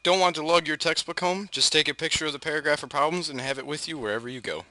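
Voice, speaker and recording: A teenage boy giving study tips in a quick, matter-of-fact scripted way. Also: fairly high pitch, pushed and bright, dry recording. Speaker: student presenter.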